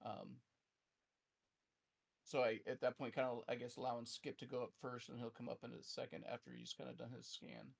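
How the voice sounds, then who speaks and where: A man's voice: medium pitch, fairly quick, gravelly. Hesitant male tabletop player. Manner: hesitant, filler-heavy. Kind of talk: tabletop role-play chat.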